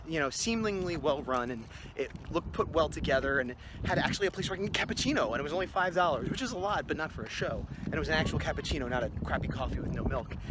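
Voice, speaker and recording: At an outdoor convention, an artist and vendor vlogs from the scene, chatting in a casual, offhand way. His voice is a little high, and there's noise in the background.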